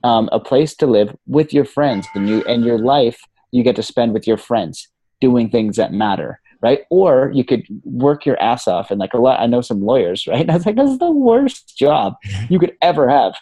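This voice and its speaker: A man's voice: mid-range voice, moderate pace, dark tone, husky, no echo. A man guesting on a podcast as a coach, talking casually and with animation, swearing freely and saying "man" and "you know" a lot. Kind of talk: casual interview talk.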